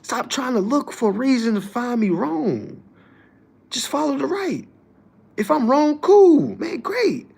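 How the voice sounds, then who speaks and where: A young man hosting a livestream, ranting casually to his audience in slangy, profane talk, swinging from loud outbursts to low asides. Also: very animated, unhurried, gravelly, few pauses, slightly rough. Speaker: livestream host.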